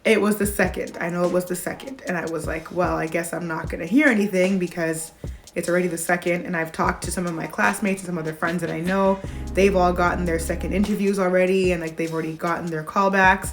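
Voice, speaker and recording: Young woman vlogger, lower voice, lively storytelling, faint music underneath. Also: fast talker. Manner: animated retelling, acts out quoted voices. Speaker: vlogger, new nurse graduate. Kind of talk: casual storytelling to camera.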